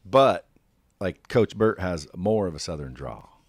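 A man's voice: deep voice, animated, unhurried, husky, no room sound. A man hosting a podcast in a studio, talking in brash, profane, joking banter with his guests. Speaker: podcast host. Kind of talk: casual interview banter. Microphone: studio microphone.

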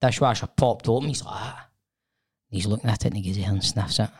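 A man's voice: on the low side, rapid-fire, darkish tone, breathy edge. A Scottish man in his thirties, co-hosting a podcast in a studio, telling a long rambling story in casual chat with some swearing. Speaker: podcast co-host.

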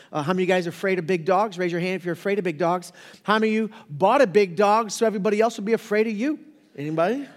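A middle-aged male pastor with a fairly high voice, joking and rambling through a casual sermon. His voice rings out with a long reverb, as if it were heard in a church sanctuary. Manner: joking, rambling, animated storytelling.

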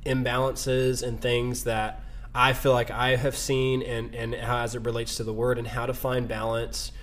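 A man's voice: medium pitch, flat delivery, normal speed, a bit bright. A man hosting a casual podcast, talking in a rambling, self-deprecating way with many restarts. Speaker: podcast host. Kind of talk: casual chat.

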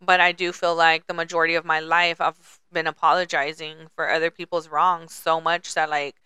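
A woman's voice: sits low, flat delivery, moderate pace, bright, forceful tone, clean tone, no echo. A woman in her forties co-hosting a podcast, talking candidly in casual chat and swearing freely. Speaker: podcast co-host.

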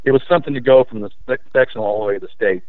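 A middle-aged man, a former high school basketball player, telling his memories in a rambling, animated way with many fillers. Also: very fast, phone-quality sound. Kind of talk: casual interview storytelling.

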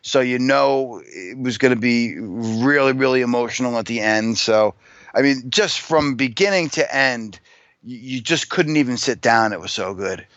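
A man co-hosts a casual podcast at a mid pitch, wry and a little sarcastic. He gives frank opinions in a loose, chatty way. The sound is dry and dull. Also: moderate pace, a bit bright, no echo. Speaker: podcast co-host.

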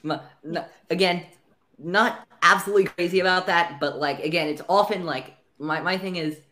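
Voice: medium pitch, normal speed, pushed and bright, reverberant. A podcast co-host chatting casually and enthusiastically, with many "like"s. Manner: enthusiastic, peppered with "like".

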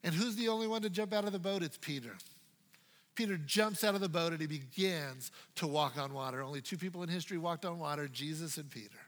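A male pastor preaching a sermon in a playful, dynamic way, swinging from loud to hushed. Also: fairly high pitch, fast talker, big-room sound.

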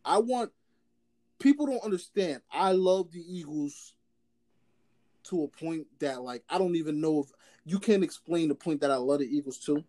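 A man's voice: on the high side, animated, moderate pace, mellow. A man co-hosting a casual sports chat, emphatic and repetitive, stammering as he starts his sentences. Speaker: podcast co-host.

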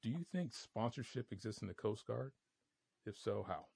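Gravelly low-voiced male interviewer. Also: animated, moderate pace, dark tone, no echo. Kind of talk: interview questions and short reactions.

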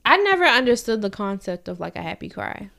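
A young woman in casual chat, relaxed and profane, with many fillers. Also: mid-range voice, fairly quick, vocal fry.

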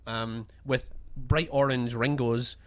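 A man's voice: medium pitch, steady tone, takes it slowly, fairly bright tone. A man co-hosting a podcast, telling a rambling, self-deprecating travel story in casual chat. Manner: chatty, self-deprecating, restarts. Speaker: podcast co-host.

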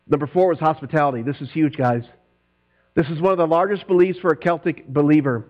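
Animated preaching man, high voice. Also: fast. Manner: animated, swings from loud preaching to quiet asides. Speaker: pastor. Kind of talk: sermon. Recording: dull lo-fi recording with mains hum.

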